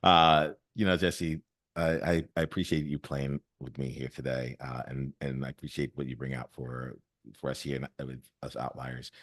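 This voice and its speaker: Very deep-voiced husky male podcast host. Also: fairly even intonation, moderate pace, a bit bright, no echo, clean studio sound. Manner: earnest, repeats his starts, speaks to listeners directly. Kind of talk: casual interview chat.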